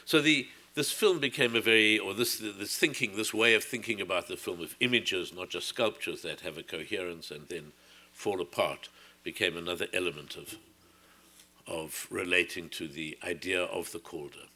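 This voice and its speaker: A man's voice: low-pitched, moderate pace, sharp tone. An older man from South Africa giving a reflective public lecture, often circling back and restarting his sentences.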